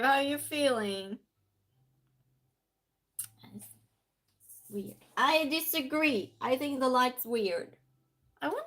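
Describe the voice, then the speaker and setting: At home beside a desk lamp, a woman hosts a casual game-night live stream, chatting, laughing often and greeting each viewer by name. Her voice is high, light and a bit bright, with a slow, easy pace.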